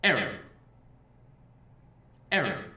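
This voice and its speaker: A man voicing a flat-toned ship repair machine that speaks in clipped status reports. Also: extremely slow, reverberant, far from the mic, full character voice. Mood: monotone.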